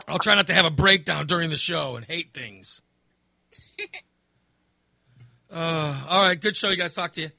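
A man's voice: a little high, measured pace, creaky, long pauses, pushed and bright, dry recording, studio quality. A middle-aged man hosting a podcast, ranting in casual chat with plenty of profanity and exasperation. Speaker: podcast host.

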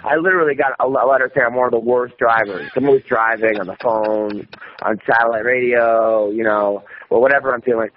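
A man telling a rambling, animated story in casual conversation, swearing often and restarting his sentences. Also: mid-range voice, a little fast. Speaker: guest comedian. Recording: dull radio-style audio with faint noise.

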